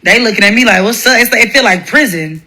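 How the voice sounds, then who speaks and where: A woman hosting a live stream, telling a profane story in a blunt, animated way and laughing often. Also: medium pitch, quick pace.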